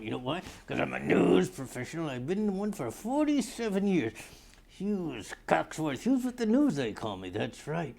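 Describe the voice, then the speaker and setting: A man's voice: fairly high pitch, sing-song, moderate pace, vocal fry, a little mellow. An older man in a rambling, blustery comedic monologue, easily sidetracked and arguing with imagined callers. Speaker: comedy character newscaster.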